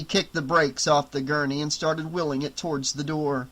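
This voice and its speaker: A man narrating an audiobook in a steady, even storytelling voice. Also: a little high, moderate pace, few pauses.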